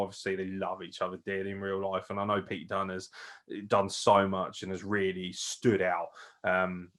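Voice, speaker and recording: A man talks wrestling news as a podcast co-host. He is excitable and loose, swearing freely and laughing often. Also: low voice. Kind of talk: casual wrestling news chat.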